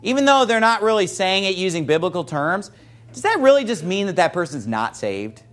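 A man with a high-sitting voice speaks a little fast as he teaches church members how to talk with people about salvation. He's animated, acting out their quoted replies in varied voices.

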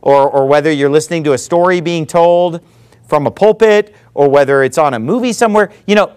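A man preaching a sermon, talking in an animated way and sometimes mocking other preachers. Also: fairly high pitch, brisk, smooth. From not from the American South.

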